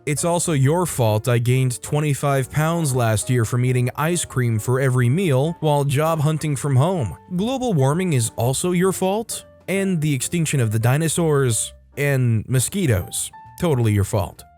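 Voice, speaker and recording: A man reads stories aloud at an ordinary middle pitch, chatty and easygoing. He breaks off now and then for dry joking asides aimed at his listeners. A quiet music track sits faintly behind his voice. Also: normal speed, hardly any pauses. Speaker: story narrator. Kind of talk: reading online stories aloud.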